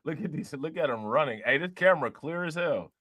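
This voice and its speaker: A man's voice: fairly high pitch, lively intonation, brisk, a bit bright, no room sound. A man hosting a reaction channel, talking casually and firing rhetorical questions at his viewers. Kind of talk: casual commentary.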